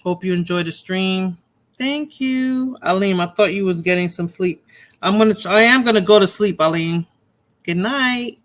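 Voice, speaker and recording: A man's voice: high voice, normal speed, a bit bright. A man hosting a live stream in casual chat, laid-back and chuckling as he signs off.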